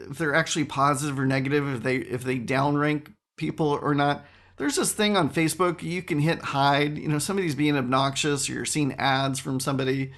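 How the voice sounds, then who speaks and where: A man's voice: on the high side, a bit bright. A man hosting a solo podcast, chatting in a wry, rambling way with frequent asides. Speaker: podcast host.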